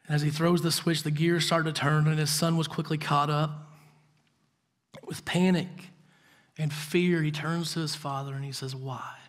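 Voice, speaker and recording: Pastor, male, slightly higher voice, earnest sermon storyteller who sinks to hushed intensity. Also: flat delivery, moderate pace. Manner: earnest storytelling, drops to soft intense tones. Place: church.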